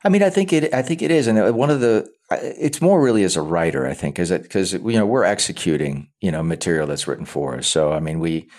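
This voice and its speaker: A man's voice: sits low, fast, hardly any pauses, a little mellow. A man, an actor, talking casually in an interview, often repeating words as he restarts and acting out quoted lines. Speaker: actor guest.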